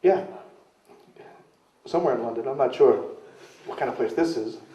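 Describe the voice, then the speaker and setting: A wrestler being interviewed casually at a London club speaks with a warm, medium-pitched voice at a moderate pace. He tells rambling, self-deprecating stories, acting out the voices of the people in them. The camcorder recording is roomy, distant, dull, and lo-fi.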